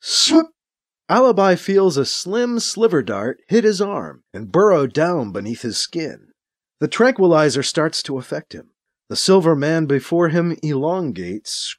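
A man narrating a science fiction audiobook in a dramatic, expressive reading. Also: fairly high pitch, dry recording, studio quality. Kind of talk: audiobook narration, acting out scenes.

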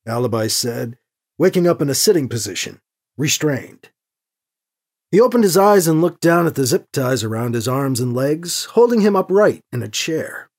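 A reader narrating a novel with expressive storytelling. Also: moderate pace. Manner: expressive storytelling with wide pitch swings. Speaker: audiobook narrator. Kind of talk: scripted narration.

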